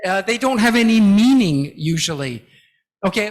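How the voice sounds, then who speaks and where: A man giving a guest lecture to academics, teaching slowly and emphatically and often checking in with "okay?". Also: high voice, lively intonation. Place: large lecture hall. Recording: long hall reverb.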